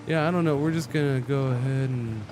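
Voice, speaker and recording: This man talks fairly quickly in a mid-range voice while streaming a game over background music. He rambles animatedly through a story in casual chat, frequently starting over mid-thought.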